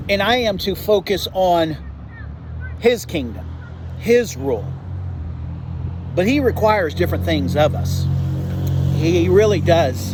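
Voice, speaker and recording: A man preaching a sermon as pastor, fervent and urgent, dropping low for warnings. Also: slight background noise.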